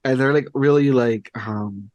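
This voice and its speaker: A man's voice: mid-range voice, unhurried, darkish tone, lo-fi sound. A man co-hosting a podcast, retelling a show in a rambling, filler-heavy casual chat. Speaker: podcast co-host.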